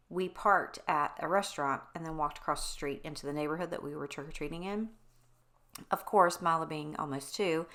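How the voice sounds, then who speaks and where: A middle-aged woman who vlogs about home cleaning chats casually in a voice-over, her voice fairly low-pitched with a fairly bright tone. She speaks candidly and directly to her viewers, rambling and drifting off on tangents.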